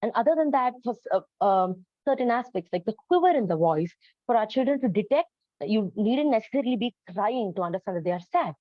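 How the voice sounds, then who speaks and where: A woman's voice: on the high side, expressive, fast talker, no echo. A woman presenting an educational talk on storytelling, explaining earnestly with frequent ums and uhs. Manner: earnest, explanatory, many fillers. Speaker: presenter on storytelling for autistic children. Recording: dull, lo-fi, dry recording.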